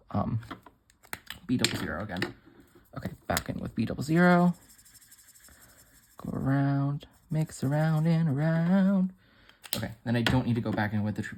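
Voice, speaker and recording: A man's voice: mid-range voice, darkish tone, slight background noise. A playful man walks through a crafting demo in a loose, chatty way. He makes joking asides as he works. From Massachusetts. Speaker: craft demonstrator on a design team. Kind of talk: casual crafting tutorial.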